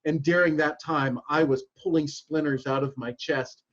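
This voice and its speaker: A man's voice: fairly high pitch, steady tone, moderate pace. A man, a stage actor, vividly telling a theater injury story in casual chat. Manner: vivid, detailed anecdote telling. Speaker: podcast guest, stage actor. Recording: dull, muffled audio.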